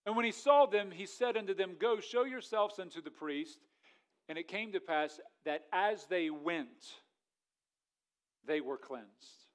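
A man preaching a sermon, reading scripture aloud and swinging between loud, rising emphasis and quiet asides. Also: high-pitched, a little slow. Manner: preaching with rising intensity, then dropping quiet; reads scripture aloud in old-fashioned wording. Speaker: pastor.

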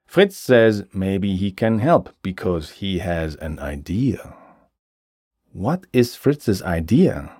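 A man teaching a grammar lesson, explaining slowly and clearly with examples. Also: lowish voice, dark tone, dry recording, clean studio sound. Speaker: language teacher.

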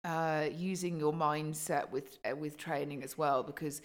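A woman's voice: low voice, steady tone, unhurried. A woman co-hosting a podcast in casual chat, chatty and sweary, with lots of ums and likes. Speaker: podcast co-host.

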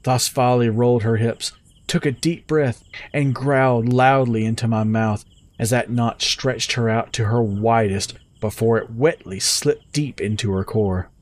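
Steady male audio-story narrator. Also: mid-range voice, a little slow, no room sound. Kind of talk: scripted first-person narration.

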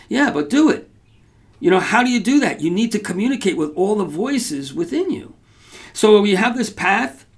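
A man's voice: sits high, gravelly, fairly bright tone. A man hosting a podcast, telling a story casually to his audience in a rambling way, with restarts and frequent checks like "right?". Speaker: podcast host.

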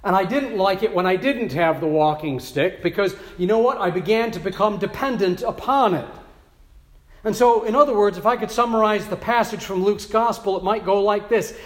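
A man's voice: high voice, normal speed, echoey room. A man preaching a sermon as pastor, telling stories in a chatty way with many asides. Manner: conversational storytelling with many asides.

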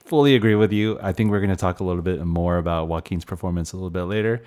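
A man's voice: low-pitched, quick pace, darkish tone. A man in his forties hosting a podcast, chatting casually about films and handing questions to his co-hosts. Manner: steers the talk, hands off questions. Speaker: podcast host. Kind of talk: casual film review chat.

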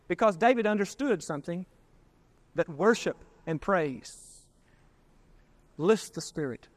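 A male pastor preaching a sermon, emphatic, with drawn-out words, loud swells and folksy asides. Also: sits high. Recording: archival 1992 sermon recording.

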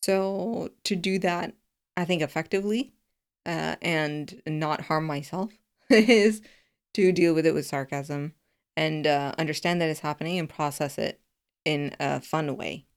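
Lower-pitched woman, laughing casual chat. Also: a little slow, smooth. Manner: expressive and laughing, talks things through aloud. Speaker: podcast co-host.

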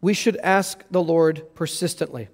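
A man's voice: a little high, fairly even intonation, measured pace. A pastor preaching an earnest sermon, emphatic and repeating words as he stresses his points. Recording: long hall reverb.

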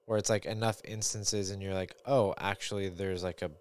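A man's voice: sits low, steady tone, normal speed, clear, resonant tone. A man co-hosting a casual podcast chat as a parent, thinking aloud in a rambling way with many fillers.

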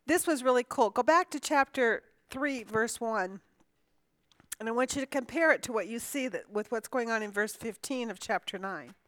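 A woman's voice: a little high, normal speed, a bit bright, no room sound. A woman teaching a conversational Bible lesson. She asks the class questions, answers them herself and often restarts her sentences.

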